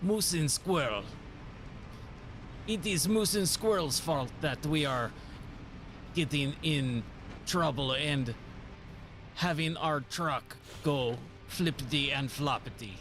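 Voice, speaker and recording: A man's voice: on the high side, slow pace, long pauses, music in the background. A man playing a scheming cartoon villain. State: hoarse.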